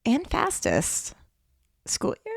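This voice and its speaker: A woman in her thirties co-hosting a podcast in casual chat, bubbly and excitable. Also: slow, dry recording, clean studio sound. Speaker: podcast co-host.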